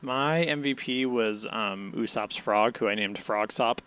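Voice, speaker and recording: A man's voice: fairly low pitch, measured pace, a bit bright, clear, resonant tone. A laid-back man co-hosting a casual anime podcast, laughing often and quoting characters. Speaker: podcast co-host. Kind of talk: casual chat recapping anime episodes.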